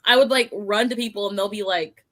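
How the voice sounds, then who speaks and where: A woman co-hosting a podcast, talking in a relaxed, casual way. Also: mid-range voice, fairly quick. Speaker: podcast co-host. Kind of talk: casual chat.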